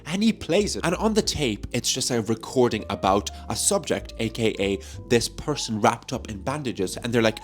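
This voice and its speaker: A man's voice: mid-range voice, animated, normal speed, hardly any pauses, faint music behind. A man chatting casually in a movie vlog, joking and swearing freely, recorded on a phone mic. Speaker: movie review vlogger.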